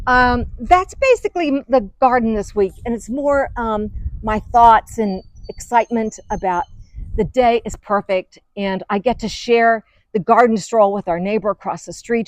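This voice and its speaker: A middle-aged woman hosting a gardening vlog, chatting excitedly as she walks through her outdoor garden. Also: mid-range voice, no echo. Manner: chatty, excitable, gushing over plants. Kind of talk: casual garden walk-through.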